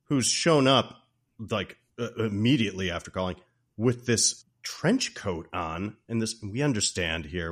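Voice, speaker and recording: A man with a fairly low, fairly bright voice co-hosts a podcast, animatedly recapping a comedy film in a casual way and laughing often.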